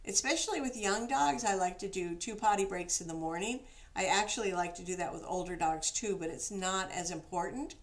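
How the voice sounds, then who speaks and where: A woman's voice: medium pitch, fairly quick, hardly any pauses. A woman dog trainer giving casual, practical instructions, now and then acting out the praise she gives a dog.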